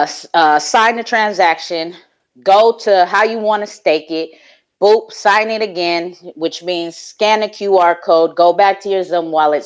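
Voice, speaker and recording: A woman's voice: mid-range voice, rough recording. A woman hosting a live audio chat room, talking in a slangy, profane, joking, laid-back way. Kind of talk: casual chat.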